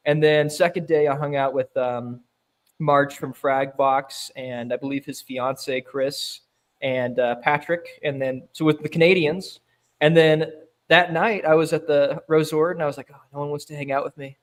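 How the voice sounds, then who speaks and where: A man's voice: on the high side, steady tone, a little slow. Man rambling with lots of fillers. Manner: rambling storyteller, many fillers, laughs easily. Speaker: guest. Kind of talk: casual chat.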